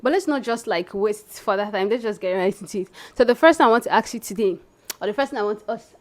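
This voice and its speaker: A woman's voice: medium pitch, animated, fast talker. A young woman from Nigeria hosting her vlog, chatting casually to viewers she calls besties. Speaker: vlogger host. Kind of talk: casual chat.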